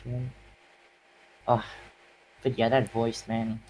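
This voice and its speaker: A man's voice: medium pitch, completely flat delivery, takes it slowly, darkish tone, low-quality recording. A man bantering casually on a stream, teasing and swearing freely. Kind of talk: casual chat.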